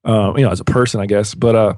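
A man's voice: on the low side, fairly even intonation, quick pace, a little mellow, no echo, clean studio sound. A man co-hosting a podcast in casual chat, rambling and laid-back, laughing often. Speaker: podcast co-host.

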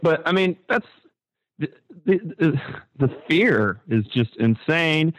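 A man co-hosting a casual talk show, animated and sarcastic, his voice leaping high when he mocks something. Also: slow, no room sound, low-quality recording. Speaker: podcast co-host.

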